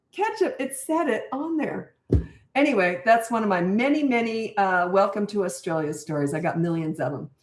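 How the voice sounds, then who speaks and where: Woman, 60s, Canadian accent, parenting coach, casual chat, chatty laughing storyteller, mid pitch, roomy echo. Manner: chatty, laughing storyteller who drifts off topic. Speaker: parenting coach answering viewer questions.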